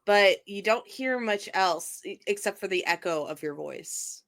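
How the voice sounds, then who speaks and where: A woman narrating a tabletop game as game master, describing scenes in a halting way with many pauses and fillers. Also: medium pitch, animated, a bit bright.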